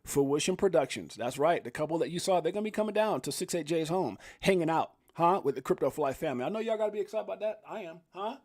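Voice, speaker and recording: A man hosting a casual live crypto stream, hyped and rambling, shouting out viewers and reading prices with laughs. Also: fairly high pitch, lively intonation, quick pace, few pauses. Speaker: livestream host.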